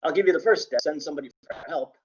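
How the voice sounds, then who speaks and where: A man's voice: a little high, rapid-fire. A man lecturing as a CPR instructor, plain-spoken with dry joking asides. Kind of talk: classroom lecture. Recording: dull lo-fi recording.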